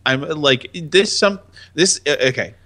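A man's voice: a little high, a little slow, bright, forceful tone. A man in casual chat, teasing his co-host with dry, short interjections.

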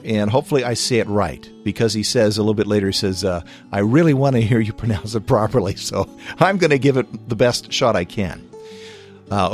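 American guy hosting his podcast, chuckles a lot, rambles, faint guitar behind. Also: on the low side. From United States. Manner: chuckling, rambling with fillers and restarts. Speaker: podcast host. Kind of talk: casual chat answering listener questions.

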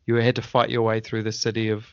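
A man's voice: lowish voice, monotone, quick pace, clean tone, no room sound, highs cut off. Chatty man hosting a game debrief. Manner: rambling, self-correcting, chuckling. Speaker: game master and podcast host. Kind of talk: casual podcast debrief chat.

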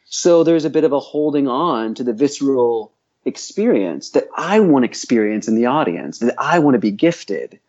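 A man's voice: medium pitch, very animated, normal speed, darkish tone, lo-fi sound. A man working as a voice coach and acting teacher, speaking in a podcast interview in a reflective, opinionated way, thinking aloud with frequent restarts.

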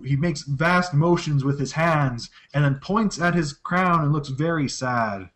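A man's voice: fairly high pitch, a little slow, fairly bright tone. A man running a tabletop game as game master, describing scenes in detail and often restarting his sentences. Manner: descriptive narration with frequent restarts.

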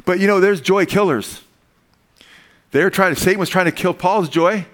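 A man's voice: high voice, moderate pace, fairly bright tone. A male pastor preaching a sermon in a casual, folksy way, often saying "man" and telling jokes.

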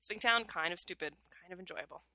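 A woman co-hosting a casual podcast from her house, bubbly and quick to laugh. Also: on the low side. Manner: bubbly, animated, laughs easily. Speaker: podcast co-host.

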